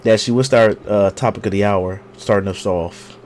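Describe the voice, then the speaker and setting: A man's voice: on the low side, steady tone, moderate pace, darkish tone, slight background noise. A man co-hosting a casual wrestling podcast, counting the show in and announcing topics with showman flair. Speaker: podcast co-host.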